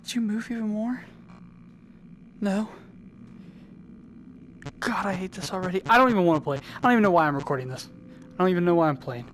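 A woman hosting her own gaming channel, chatting and joking through a VR game and breaking into loud yells. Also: a little fast, pauses often, a little hiss or hum. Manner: chatty, jokey, bursts into high yelling. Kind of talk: casual gameplay commentary.

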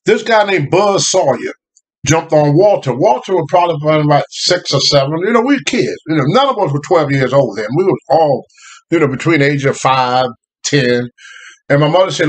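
An older man with a drawl tells a tale from his childhood. His voice sits a bit high for a man, and he talks in animated bursts. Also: moderate pace. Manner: animated, laughing, rising to shouts at the climax. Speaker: storyteller guest. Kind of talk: casual storytelling.

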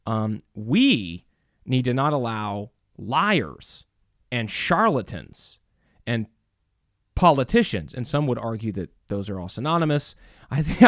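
A man's voice: mid-range voice, dry recording, clean studio sound. A middle-aged man preaching to a church audience, emphatic, with rhetorical questions and many fillers. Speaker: church speaker. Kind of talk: preaching talk.

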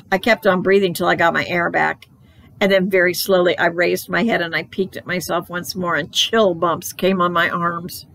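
A woman reading a children's book aloud for library storytime, in a playful, animated storytelling manner. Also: lowish voice, normal speed, vocal fry, rough recording.

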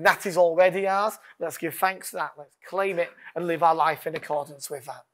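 A man preaching a sermon as pastor, earnest, leading call-and-response lines and dropping to a hush. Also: on the high side, steady tone, normal speed, few pauses.

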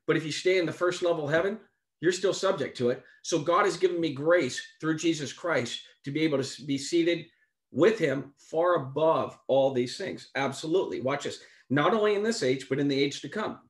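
A man teaches the Bible in a loose, conversational sermon style. His voice sits a little higher than most men's. He leans hard on key phrases and keeps asking rhetorical questions. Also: normal speed. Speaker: preacher.

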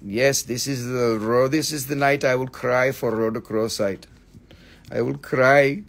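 A man hosting a live sales stream, excitable and theatrical, swearing freely as he gushes over the goods. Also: mid-range voice, a little slow, creaky, slight background noise. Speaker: live-stream seller, host.

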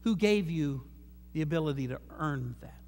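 God as a patient, gently probing father figure, as a pastor puts him on mid-sermon. The voice stays fairly high and calm, carried by the long reverb of a church hall. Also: normal speed, close to an everyday voice. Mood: patient questioning.

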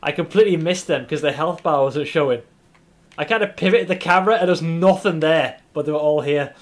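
A man streaming a game, commenting live, swearing often and yelling when startled. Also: on the high side, a little fast, a little hiss or hum.

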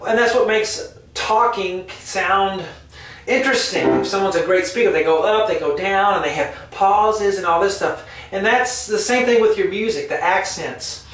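Relaxed male piano teacher with a high-pitched voice, heard from a distance in an echoey room. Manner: relaxed and chatty, hums and sings rhythms as he explains. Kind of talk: casual online piano lesson. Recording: echoey room, mic set back, loud piano. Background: piano playing.

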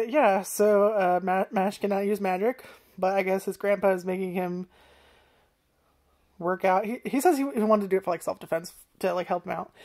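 A woman's voice: mid-range voice, darkish tone. A woman casually chatting about an anime's first episode, rambling, swearing often and laughing at her own jokes. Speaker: anime reviewer. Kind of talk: casual chat.

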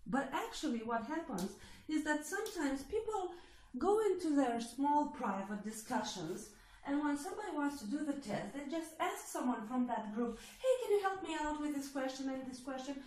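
A woman's voice: sits high, darkish tone. A woman from Eastern Europe talking in a blunt, sarcastic casual monologue, swearing freely as she addresses applicants to her test. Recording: echoey room with faint noise.

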